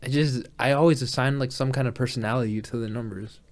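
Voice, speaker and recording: A man's voice: mid-range voice, fairly even intonation, fast. A young man co-hosting a podcast in casual chat, rambling with restarts and swearing freely. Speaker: podcast co-host.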